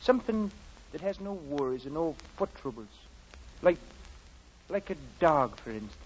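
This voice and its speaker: A man's voice: fairly high pitch, sing-song, moderate pace. An actor playing a hearty, chuckling Irish policeman turned setter dog, with a put-on Irish brogue, in 1940s radio comedy. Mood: wistful. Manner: hearty, chuckling, flirtatious blarney. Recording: noisy, muffled 1940s radio recording.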